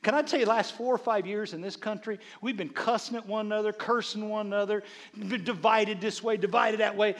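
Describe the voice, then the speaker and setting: A man preaching a sermon as a bishop, animated, with frequent stammered restarts and quiet asides. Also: high-pitched, a little fast. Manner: drops into quiet asides and quoted voices. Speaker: bishop and pastor.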